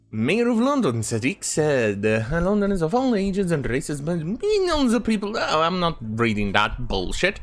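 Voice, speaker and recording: A man's voice: fairly high pitch, fairly bright tone. A man hosting a commentary channel, reading news quotes aloud and breaking in with sarcastic asides.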